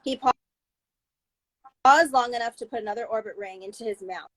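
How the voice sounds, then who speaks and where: A woman's voice: a little high, brisk, no echo, low-quality recording. A woman reading a novel aloud live over a video call, with small slips and restarts. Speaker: book reader. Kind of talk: live-streamed book reading.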